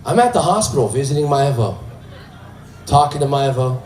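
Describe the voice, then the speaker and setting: A man's voice: medium pitch, a little fast, a little mellow, slight background noise. A male stand-up comedian telling a story on stage, switching into character voices as he goes. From United States. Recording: roomy stage sound from a distance.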